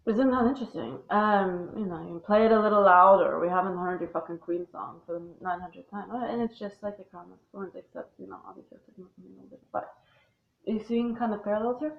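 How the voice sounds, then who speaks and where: A woman's voice: medium pitch, a little fast, vocal fry, a little hiss or hum. Woman, intense and blunt monologue, profane and rambling; phone-quality audio with room echo. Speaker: speaker on religion. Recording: tinny phone-like sound in an echoey room.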